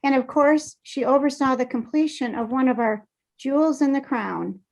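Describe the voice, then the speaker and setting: A woman's voice: high-pitched, normal speed, creaky, low-quality recording. A woman who is a university vice president, reading a prepared statement to a board and sometimes showing emotion. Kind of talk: formal board presentation.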